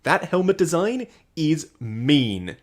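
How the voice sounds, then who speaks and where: A man's voice: on the high side, big pitch swings, takes it slowly. A man co-hosting a casual livestream, chatting with enthusiasm and reading out viewer comments. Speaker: livestream co-host.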